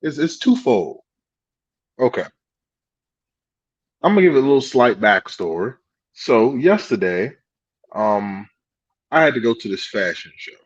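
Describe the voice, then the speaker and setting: A man co-hosting a podcast in casual chat, telling animated stories, swearing freely and laughing at himself. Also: medium pitch, a little slow, pauses often, husky, dry recording, dull audio. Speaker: podcast co-host.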